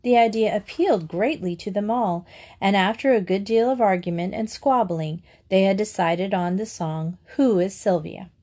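A woman reading a children's storybook aloud in a calm, measured way. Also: mid-range voice. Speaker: audiobook narrator. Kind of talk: scripted storybook narration.

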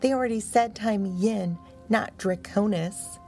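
A woman's voice: mid-range voice, unhurried, mellow, faint music behind, pitched above the performer's own voice, lightly acted. A woman voicing a smug young masked dog rival in a children's storybook, smirking and sarcastic.

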